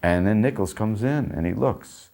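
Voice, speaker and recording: An older man, an actor, recalls making a film in a rambling anecdote, cutting himself off mid-sentence and chuckling softly. His voice is fairly low and mellow with vocal fry, at a normal speed.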